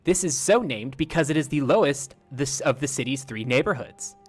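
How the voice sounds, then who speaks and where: A man's voice: mid-range voice, animated, normal speed, slightly rough, faint music behind. A man reading a game book aloud as a lecherous, flowery male bard while mimicking a text-to-speech lady voice. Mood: grandiose. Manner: grandiose, theatrical reading.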